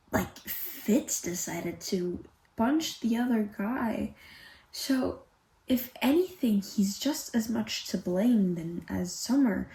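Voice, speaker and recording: A woman's voice: fairly high pitch, reverberant, slight background noise. A young woman, not a native English speaker, ranting casually about a book she is reading. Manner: exasperated, swearing, animated retelling. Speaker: book vlogger.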